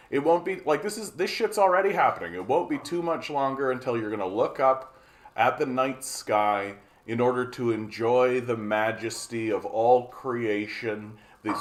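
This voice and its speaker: A man from Canada with a Canadian accent, hosting a political livestream, ranting animatedly and answering viewers' chat with lots of swearing and restarts. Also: fairly low pitch. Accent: Canadian English. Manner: animated and profane, frequent restarts and filler; answers chat questions aloud. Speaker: livestream host.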